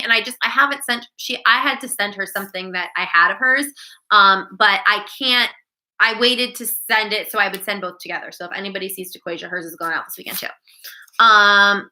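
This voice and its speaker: Bright lively woman teacher. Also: mid-range voice, low-quality recording. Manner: lively, direct, speaking to students by name. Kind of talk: live online class Q&A.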